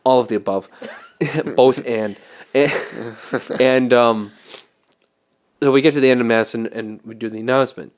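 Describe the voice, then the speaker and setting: A man, a Catholic priest, telling a story in a casual podcast chat, animated and quick to laugh, often restarting his sentences. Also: medium pitch, clean tone.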